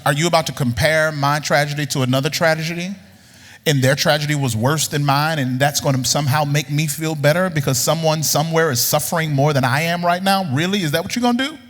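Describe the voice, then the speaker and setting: High-pitched preacher guy, teasing and blunt, huge echoey hall. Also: fairly bright tone. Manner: blunt, teasing, swings from low mutters to high outbursts. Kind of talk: sermon.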